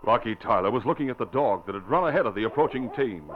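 A man narrating a radio drama in a measured, dramatic storytelling manner. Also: mid-range voice, lively intonation. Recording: lo-fi old radio recording with faint hiss.

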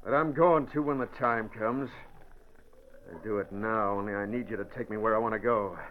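A man's voice: a little high, expressive, moderate pace, natural voice. A man playing a harsh, ruthless trapper. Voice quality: gruff, barking orders. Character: ruthless male fur trapper, harsh and threatening. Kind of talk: 1940s radio acting. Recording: lo-fi old radio recording with faint hiss.

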